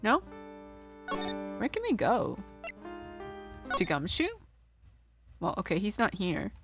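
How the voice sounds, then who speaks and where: A woman's voice: mid-range voice, huge pitch swings, slow pace, creaky, loud music behind the voice. A woman streamer making chatty, joking asides while playing a game. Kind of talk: casual game commentary.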